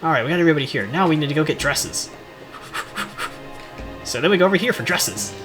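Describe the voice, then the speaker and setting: A man giving joking, casual commentary while playing through a game, moving between quiet asides and louder bursts. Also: on the high side, quick pace. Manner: joking, mocking, shifts between quiet asides and excited outbursts. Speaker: let's play host. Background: game music.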